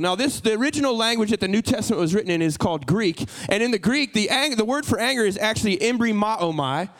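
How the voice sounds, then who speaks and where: A pastor, preaching an animated sermon and acting out dialogue. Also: male voice, high-pitched, quick pace, hardly any pauses, low-quality recording.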